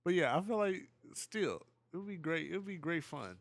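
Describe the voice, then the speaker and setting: A man's voice: fairly high pitch, lively intonation, normal speed, gravelly, dry recording. A man co-hosting a podcast, chatting in laid-back, profane, joking banter. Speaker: podcast co-host. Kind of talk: casual chat.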